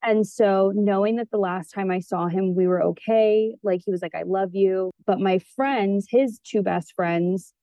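A woman's voice: mid-range voice, steady tone, unhurried, few pauses, dry recording, lo-fi sound. A woman therapist talking as a podcast guest in an earnest, rambling way, with many fillers, and sounding teary. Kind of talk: casual conversation.

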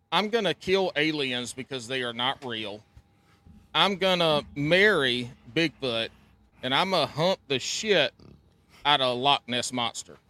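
A man's voice: medium pitch, expressive, takes it slowly, pauses often, sharp tone. A man co-hosting a casual podcast, chiming in with wry, teasing remarks. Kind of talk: casual chat.

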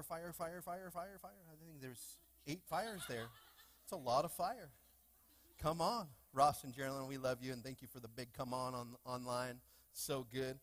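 A man preaching a lively sermon in a church, with call-and-response and playful asides to the congregation. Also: medium pitch. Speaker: pastor. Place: church sanctuary.

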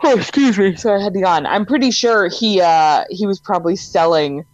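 A woman's voice: medium pitch, a little fast, no room sound, muffled recording. A woman co-hosting a casual chat, telling stories animatedly and laughing often. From Maryland, USA. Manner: giggly, animated storyteller who laughs often. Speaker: podcast co-host.

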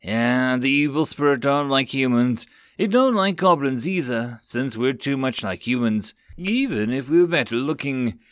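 A man voicing a cheerful, blunt young male goblin in a storybook reading, in a high chirpy voice. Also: animated, unhurried, few pauses, clean tone, no echo, clean studio sound, close to an everyday voice.

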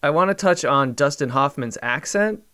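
A man co-hosting a casual film podcast, swapping stories and laughing along. His voice sits a little high and comes across close and dry. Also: animated, moderate pace, sharp tone, clean tone, no echo. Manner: chatty, laughing, storytelling. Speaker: podcast co-host.

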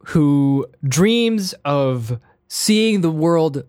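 A man's voice: a little high, expressive, extremely slow, darkish tone, smooth, dry recording, studio quality. A man co-hosting a casual podcast chat, playful and laughing often, often trailing off and restarting. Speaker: podcast co-host.

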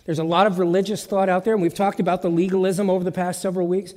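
A man's voice: sits high, flat delivery, quick pace, darkish tone. A man preaching a sermon as pastor, in an emphatic, conversational way with lots of repetition. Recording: long church reverb.

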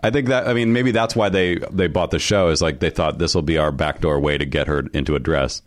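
A man co-hosting a podcast, chatting casually with quick, wry asides. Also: extremely low pitch, dry recording. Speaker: podcast co-host.

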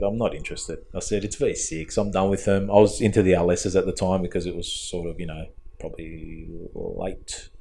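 Fairly low and a touch mellow, this Australian man's voice carries a long, meandering story on the casual podcast he co-hosts. A fabricator and tuner, he performs the quoted lines as he goes.

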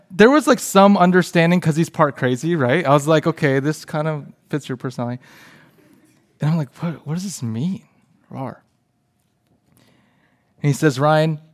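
A man in his thirties giving a sermon, telling a personal story and often dropping to a soft hush. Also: a little high. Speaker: pastor.

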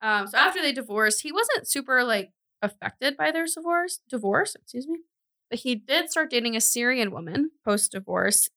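A woman's voice: medium pitch, vocal fry, bright, forceful tone, no room sound. A young woman co-hosting a podcast, telling a true-crime story in a chatty way, with lots of fillers and self-corrections. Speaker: podcast co-host.

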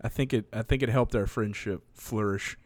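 Laid-back man in his late twenties, podcast co-host, relaxed casual delivery, dry recording. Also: fairly low pitch, moderate pace, no echo. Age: late 20s. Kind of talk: casual chat.

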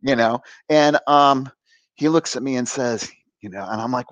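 A middle-aged man telling a personal story on a talk show, animated and laughing as he acts out the voices of others. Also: mid-range voice, moderate pace, no room sound, rough recording. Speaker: guest.

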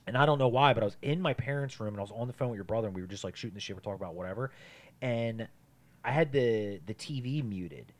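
A young adult man with a lowish voice tells a story on a casual podcast. He rambles and piles on fillers and swear words as he goes. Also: fast talker. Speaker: podcast co-host. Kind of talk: casual chat.

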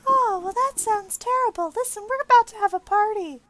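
A woman's voice: extremely high pitch, brisk, fairly bright tone, no room sound. A woman playing in a tabletop game, complaining and teasing in character. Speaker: player.

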